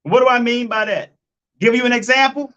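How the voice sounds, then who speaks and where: A man delivers preachy relationship commentary in a blunt, profane way, hammering each point home with repetition. His voice sits high for a man. The recording is dull and lo-fi. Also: fairly quick, a bit bright. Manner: addresses listeners as folks and family.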